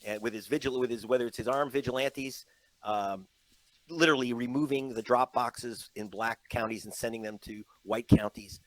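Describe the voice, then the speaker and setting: A man's voice: medium pitch, normal speed, low-quality recording. A man speaking as a journalist guest in an interview, emphatic and storytelling, slipping into mocking quoted voices. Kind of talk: animated interview talk. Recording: played from an online interview.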